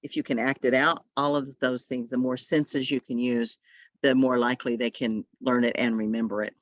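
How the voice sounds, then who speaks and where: A woman's voice: very deep voice, little pitch movement, normal speed, dry recording. Woman trainer on a muffled video call. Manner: demonstrates sounds, models student speech. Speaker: adult ESL trainer. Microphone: video call audio. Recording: dull, dry video call audio.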